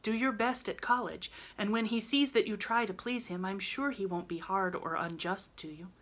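A woman's voice: medium pitch, moderate pace, a bit bright, pitched above the performer's own voice, natural voice. A woman reading aloud, voicing a prim, motherly teenage girl who lectures earnestly in a raised voice.

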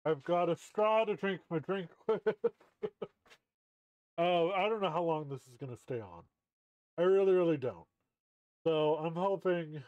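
A man streaming a game in slow, unhurried casual chat, his voice stuffy and muffled by a costume mask. He jokes, chuckles a lot and swears offhandedly, pitched a little high for a man. The audio is dull and lo-fi but dry, with no room sound. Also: expressive, darkish tone, dry recording.

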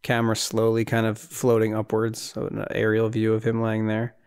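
A man's voice: fairly low pitch, monotone, normal speed, a little mellow, clear, resonant tone. A man hosting a podcast, casually recapping a horror film scene by scene, rambling and incredulous, often laughing. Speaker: podcast host.

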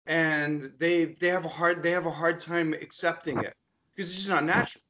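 A man's voice: on the high side, steady tone, moderate pace, sharp tone. A man from the United States chatting casually as a co-host, explaining with examples and often checking in with "right?". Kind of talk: casual conversation. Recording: dull lo-fi sound.

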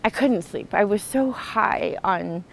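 A woman's voice: mid-range voice, slow pace, gravelly, slight background noise, low-quality recording. Earnest woman telling her healing story. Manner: emotional, earnest storytelling with many restarts and fillers. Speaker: retreat participant sharing a testimony. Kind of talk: personal testimony on stage.

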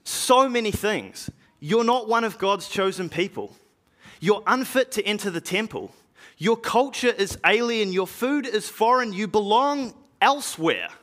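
A man's voice: fairly high pitch, big pitch swings, sharp tone, heavily acted. A man playing an early Christian evangelist, telling his story in a dramatic first-person monologue for a church drama. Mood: earnest. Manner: earnest storytelling with slow, weighty pauses.

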